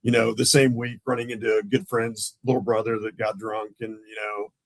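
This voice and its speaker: Animated older man telling stories. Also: on the low side, moderate pace, no room sound, poor audio. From Tulsa, Oklahoma. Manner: animated, acts out others' voices in his stories; laughs often mid-story. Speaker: guest, former police officer. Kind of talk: casual storytelling chat.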